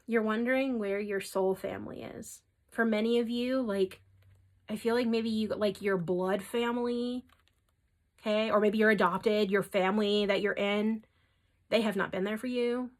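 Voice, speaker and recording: A woman giving a spiritual tarot reading to her viewers. She speaks in a reassuring way, often checking in with "okay?", and delivers emphatic affirmations that sometimes drop to a soft whisper. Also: mid-range voice, steady tone, moderate pace. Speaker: tarot reader.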